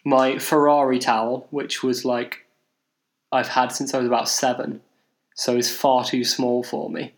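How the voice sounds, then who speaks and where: Young english guy rambling through a story on a podcast, laughs at himself, lots of ums and restarts, mid-pitched voice. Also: flat delivery, unhurried, rough recording. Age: young adult. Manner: rambling, self-mocking, with many restarts and fillers. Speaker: podcast co-host. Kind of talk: casual storytelling chat.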